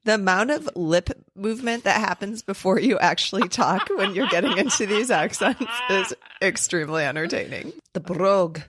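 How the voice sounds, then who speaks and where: A woman's voice: mid-range voice, lively intonation, normal speed, hardly any pauses, fairly bright tone, slightly rough. A woman co-hosting a podcast, reacting with dry, sarcastic quips in casual banter. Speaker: podcast co-host.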